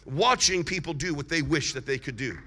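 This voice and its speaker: High, bright-voiced preaching man. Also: brisk. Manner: preaching with call-and-response, rising to loud emphatic shouts. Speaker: guest evangelist. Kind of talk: sermon. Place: large church hall. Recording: long hall reverb from a large church.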